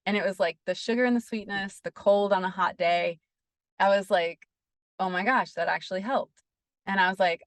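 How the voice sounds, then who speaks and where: A woman's voice: medium pitch, fairly even intonation, moderate pace, no echo. A woman being interviewed on a podcast, telling a personal story in an earnest, casual way and leaning on "like" a lot. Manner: earnest, peppers speech with "like". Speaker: podcast guest.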